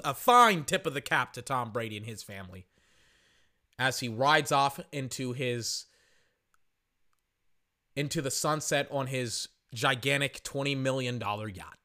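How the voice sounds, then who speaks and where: A man hosting a podcast, passionately ranting about sports in an emphatic, repetitive way, his voice hoarse and worn from shouting. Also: medium pitch. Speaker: podcast host. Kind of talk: sports opinion rant.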